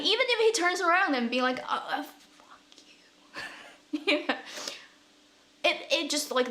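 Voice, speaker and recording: Woman doing a casual drama rant on her channel, fired up, laughing, swears a bit. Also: fairly high pitch. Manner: animated, ranting, laughing, swearing. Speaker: drama commentary host. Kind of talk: casual chat.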